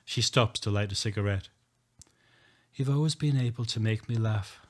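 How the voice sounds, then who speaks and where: A man's voice: lowish voice, moderate pace. Man, audiobook narrator, earnest first-person telling. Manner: earnest, emotional, rising to shouting.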